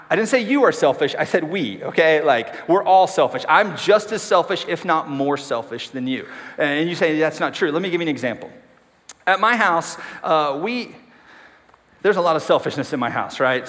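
A pastor with a fairly high, fairly bright voice preaches a casual, self-deprecating sermon and asks the congregation questions. It's recorded in a church sanctuary with long hall reverb.

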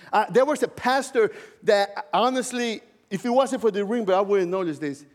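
Speaking at a moderate pace, a pastor whose voice is strikingly high for a man blends his personal story into a sincere sermon, laughing softly now and then. A big church hall gives everything a long, ringing reverb.

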